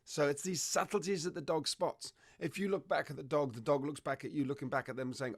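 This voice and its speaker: A man explaining dog behavior as a trainer, telling lively stories and acting out what dogs and owners say. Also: on the high side, a little fast, vocal fry, husky. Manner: animated storytelling, acts out dog and owner voices. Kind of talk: conversational explanation.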